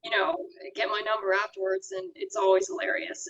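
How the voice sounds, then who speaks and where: Woman, haunt actor, chatty guest, heavy on fillers, medium pitch. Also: lively intonation, fairly quick, a bit bright. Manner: chatty, many fillers, laughs easily. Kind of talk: casual interview chat.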